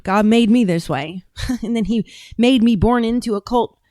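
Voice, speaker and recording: A blunt, rambling woman hosting a political talk show, often breaking off and restarting her sentences. Her voice sits fairly high, and the sound is close and dry with no room echo. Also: normal speed, darkish tone. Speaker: podcast host and political candidate. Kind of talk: casual political commentary.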